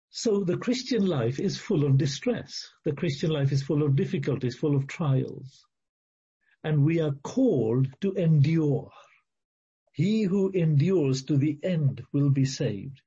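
A male preacher delivers an earnest sermon. His voice is very dark and husky, sitting a bit high for a man, and the recording sounds dull and muffled. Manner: earnest, repetitive exhortation with rhetorical questions.

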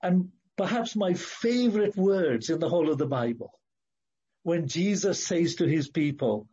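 A man with a fairly high but dark, mellow voice delivers a sermon with earnest, measured emphasis. His tone is husky and breathy. The recording sounds dull and lo-fi. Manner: earnest, measured preaching with slow emphatic phrases. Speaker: preacher.

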